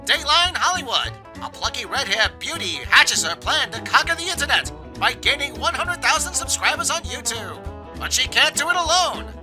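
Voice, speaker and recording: Woman announcer, high-pitched, mock-epic trailer read over clear music. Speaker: intro announcer. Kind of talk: mock newsreel trailer narration.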